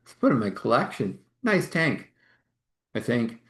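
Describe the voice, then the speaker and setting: A man's voice: medium pitch, very animated, normal speed, a bit bright, roomy sound. A man voicing a cheerful, easygoing male tank collector who chuckles as he talks.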